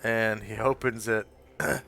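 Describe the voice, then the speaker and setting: Brief: unhurried male game master, crisp and bright, halting with many fillers. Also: fairly low pitch, steady tone, soft background music. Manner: hesitant, full of filler words. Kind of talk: narrating a tabletop game.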